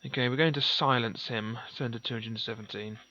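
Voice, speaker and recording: A man's voice: medium pitch, steady tone, a little fast, sharp tone. A man reading a fantasy gamebook aloud and commenting casually as he plays, thinking aloud and correcting himself. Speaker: gamebook player and narrator. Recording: dull lo-fi, dry.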